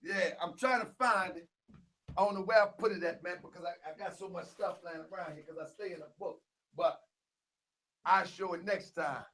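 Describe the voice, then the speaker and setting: In his casual vlog, the young Grand Sheik and channel host walks through a series of photos at normal speed with a high-pitched voice. He tends to repeat himself, and his delivery grows louder and more animated as he gets worked up.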